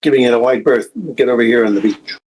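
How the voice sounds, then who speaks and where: A man's voice: medium pitch, fairly even intonation, fast, a little mellow, slight background noise, poor audio. A man playing a tabletop game, describing his character's moves in a playful, joking way. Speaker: player.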